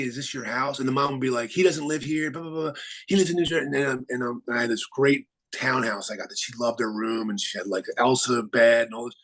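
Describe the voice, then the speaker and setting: Husky man talking haltingly. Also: medium pitch, fairly bright tone, low-quality recording. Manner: halting, many restarts and fillers. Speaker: attorney and guest. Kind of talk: casual interview talk.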